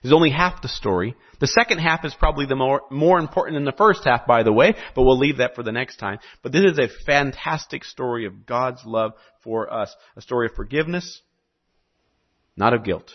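Preach as a man from South America, retelling the story in a lively way and asking the congregation questions, in a mid-pitched voice with a slightly muffled, lo-fi sound. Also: fairly quick. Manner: animated storytelling, asks the audience questions. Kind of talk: sermon.

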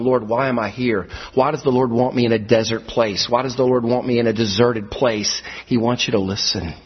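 A middle-aged man preaching a sermon in a chapel, swinging between high, loud, fast outbursts and low, quiet asides. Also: husky. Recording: muffled dull recording.

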